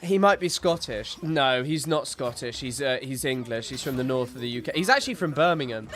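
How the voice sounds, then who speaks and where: A man's voice: medium pitch, expressive, a little fast, a bit bright, slight background noise. A man streaming a game, chatting casually and with amusement to his viewers and a teammate. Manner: amused, chatty, reacts and speaks to his chat. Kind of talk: casual livestream commentary.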